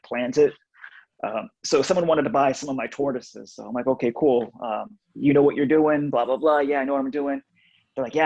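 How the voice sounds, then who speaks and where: A man telling a relaxed story in a casual chat, acting out both sides of the conversation. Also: mid-range voice, lo-fi sound. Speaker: reptile seller guest.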